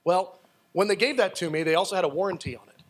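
A man preaching a sermon and telling personal stories in a casual, animated way. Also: high-pitched, fast. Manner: animated, excitable storytelling; casual, conversational with fillers.

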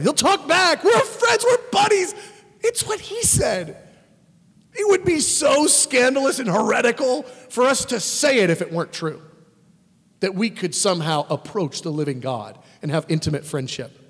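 A man preaching a sermon as a pastor, animated and emphatic, swinging between exclamations and quiet asides. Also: sits high, husky, long reverb tail.

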